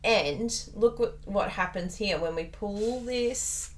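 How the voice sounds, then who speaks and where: A woman's voice: mid-range voice, a little slow, over loud music. A woman with an Australian accent hosting a chatty live card-making tutorial, bubbly and talking straight to her viewers. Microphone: plugged-in microphone at a desk.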